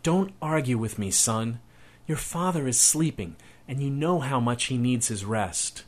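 A man's voice: medium pitch, expressive, measured pace, pitched above the performer's own voice. A man reading aloud and voicing a tired mother who scolds her son firmly but lovingly. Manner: firm, scolding, tender underneath.

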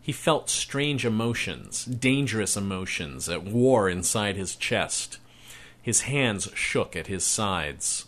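A man narrating a story aloud in a measured, expressive reading voice. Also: lowish voice.

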